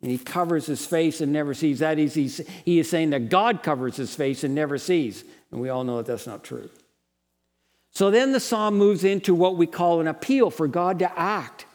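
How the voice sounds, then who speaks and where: A man with a fairly high voice preaches a sermon at a Bible college. He talks in an earnest, lecturing way and builds to passionate pleading, and his words ring on in a hall with a long reverb. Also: moderate pace.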